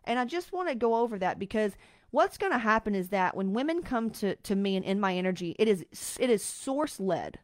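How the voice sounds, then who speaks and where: A woman's voice: mid-range voice, expressive, brisk, dry recording. A woman hosting a motivational podcast, talking bluntly and swearing freely, with sudden emphatic bursts. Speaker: podcast host and coach.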